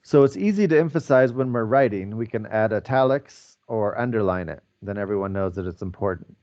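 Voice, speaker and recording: A man teaches English to students over a video call, talking things through slowly and deliberately. His voice sits fairly low. The call audio sounds dull and lo-fi. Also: expressive, a little mellow. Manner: slow, deliberate explaining. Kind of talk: online class teaching.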